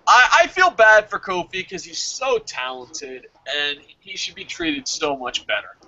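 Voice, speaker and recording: A man's voice: high-pitched, a little slow, gravelly. A man co-hosting a casual wrestling podcast, ranting with lots of swearing. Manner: profane, ranting, animated. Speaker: podcast co-host. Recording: dull lo-fi audio.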